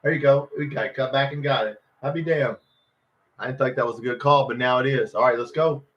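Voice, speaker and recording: A man hosting a live football watch party reacts to each play with frustration, yelling at the game and swearing at players and referees. His mid-range voice runs a little fast with fairly even intonation, over dull lo-fi stream audio.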